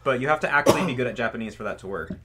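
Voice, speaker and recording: A man's voice: mid-range voice, expressive, racing, sharp tone. A young man chatting casually on a livestream, answering viewer questions in loose talk full of fillers and "like"s. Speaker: streamer answering chat questions.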